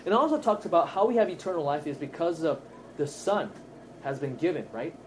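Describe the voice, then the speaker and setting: A man's voice: on the high side, lively intonation, a little fast, a little hiss or hum. Earnest man teaching Bible study. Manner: earnest, emphatic, checks in with tag questions.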